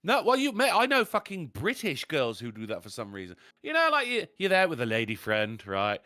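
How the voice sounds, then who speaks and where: A man co-hosting a casual podcast chat, telling animated stories and laughing often. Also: on the high side, fairly quick, dry recording, studio quality. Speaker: podcast co-host.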